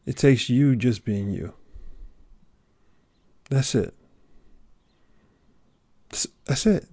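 A man giving a motivational monologue, preachy, swinging from loud urging to a hushed near-whisper. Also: mid-range voice, drawn-out words, no room sound. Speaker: motivational speaker.

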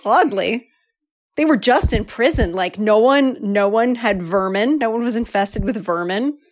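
A woman's voice: a little high, expressive, measured pace. A woman in a casual chat, chatty and loose with her words. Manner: chatty, uses "like" a lot.

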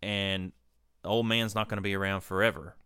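A man's voice: deep voice, fairly even intonation, normal speed, bright, forceful tone, no echo, clean studio sound. A man co-hosting a podcast, retelling movie scenes in casual, profane chat and acting out the lines. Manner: retelling scenes, quoting lines in gruff voices, swears a lot. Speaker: podcast co-host.

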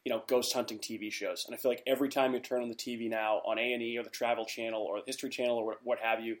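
A man's voice: medium pitch, little pitch movement, racing. A man hosting a podcast, asking questions in an easygoing, casual way. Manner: easygoing, frequent fillers and restarts. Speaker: podcast host. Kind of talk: casual interview.

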